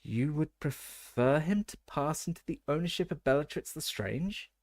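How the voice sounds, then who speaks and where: A man voicing a calm, courteous old male wizard headmaster who speaks in a measured, formal way. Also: on the high side, no room sound, studio quality, voice pushed up.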